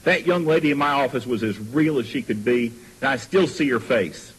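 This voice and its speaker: A man who is a school superintendent giving earnest, emotional testimony to a state board, telling a story and halting at times. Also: medium pitch, husky, poor audio.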